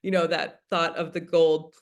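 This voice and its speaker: Chatty woman with a lowish voice. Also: level tone, moderate pace. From United States. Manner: chatty, acts out her own past thoughts in quoted asides. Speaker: class facilitator. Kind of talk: casual teaching talk.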